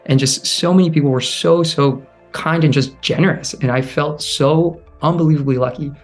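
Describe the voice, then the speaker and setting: A young man earnestly telling a personal story, quick and full of "like". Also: fairly high pitch, steady tone, faint music behind. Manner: fast, earnest, heavy on "like".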